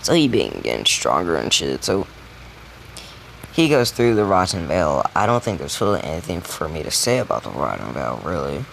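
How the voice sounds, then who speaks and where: A man's voice: low-pitched, wildly swooping pitch, moderate pace, gravelly, fairly bright tone, a little hiss or hum. A man telling a made-up story in a casual, rambling, profane way. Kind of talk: casual retelling of a fan scenario.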